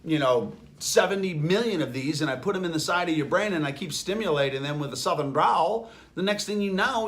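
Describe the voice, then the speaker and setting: A man's voice: fairly high pitch, expressive, fairly quick, hardly any pauses. A man with a Boston accent giving an emphatic health lecture, firing off rhetorical questions. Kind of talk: lecture to an audience.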